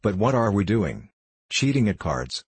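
An earnest, resentful young nobleman arguing his case, as a man reads him aloud. The voice is deep and husky and sits dry and close. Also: very animated, measured pace, no echo, full character voice. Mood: indignant. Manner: earnest, indignant.

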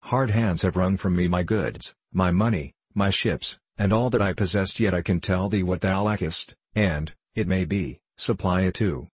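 A man voicing an anxious, pleading male merchant, earnest and hurried, in an audiobook reading. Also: sits low, slightly rough, no echo. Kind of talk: audiobook character voice.

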